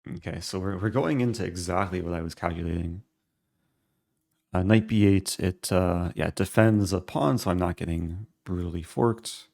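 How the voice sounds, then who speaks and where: A man streaming live, thinking aloud as he calculates his moves in a relaxed, halting way. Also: deep voice, vocal fry, no echo, studio quality. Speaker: chess streamer. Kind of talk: live-stream game commentary.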